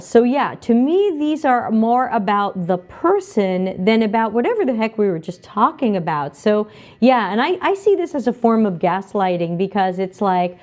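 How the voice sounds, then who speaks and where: A woman hosts a casual livestream, picking up viewer comments and answering each one with energy and emphasis. Her voice sits slightly higher than average. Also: moderate pace. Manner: animated, emphatic, reads comments aloud. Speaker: livestream host reading chat.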